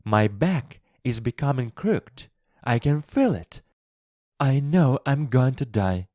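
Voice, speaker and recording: A man's voice: medium pitch, expressive, takes it slowly, mellow, no room sound, studio quality, voice pushed up. A man voicing a sickly, spoiled and frightened boy in a storybook reading for English learners, with a whining, self-pitying manner. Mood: tearful.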